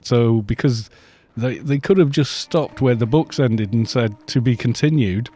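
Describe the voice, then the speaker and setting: A man's voice: medium pitch, warm tone. A middle-aged man chatting casually and rambling on a live game stream, laughing often.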